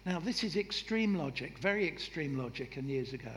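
Male preacher, high voice, lively and humorous, in a reverberant hall with faint noise. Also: fairly quick. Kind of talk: sermon.

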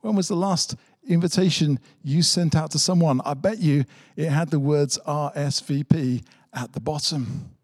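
Earnest pastor, dry close sound. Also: male voice, on the high side, moderate pace, a little mellow, no room sound. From Britain. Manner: dramatic storytelling with emphatic repetition. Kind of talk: online Easter sermon.

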